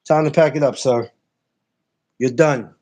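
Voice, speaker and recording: A man hosting a podcast in casual banter, loud and joking, repeating himself for effect. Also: medium pitch, steady tone, measured pace. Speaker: podcast host.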